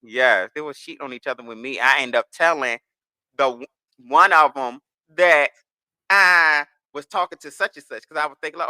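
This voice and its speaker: Bright-voiced man telling candid stories. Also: on the high side, a little fast, no room sound. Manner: candid storytelling, slips into voices of others. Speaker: podcast guest. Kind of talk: casual chat.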